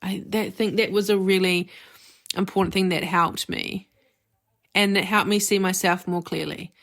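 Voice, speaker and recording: A woman's voice: mid-range voice, steady tone, moderate pace, vocal fry. Woman, podcast host, therapist, candid, conversational, reflective monologue, casual fillers. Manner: warm, candid and conversational, with many "like" and "you know" fillers.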